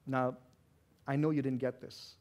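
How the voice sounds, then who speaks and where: A pastor preaching a sermon with a non-native accent, loud and passionate, swinging from shouts to hushed asides. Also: male voice, mid-range voice, little pitch movement, unhurried, dull audio. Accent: non-native English accent.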